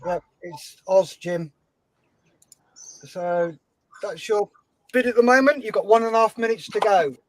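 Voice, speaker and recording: High-voiced upbeat male auction host. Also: no room sound, poor audio. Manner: brisk and upbeat, reads out chat comments and counts down time. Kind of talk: live-stream auction hosting.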